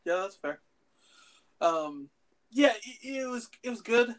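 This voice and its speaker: A man's voice: high-pitched, animated, a little slow, a bit bright. A man co-hosting a casual podcast chat about films and TV, rambling and profane with lots of fillers. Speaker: podcast co-host.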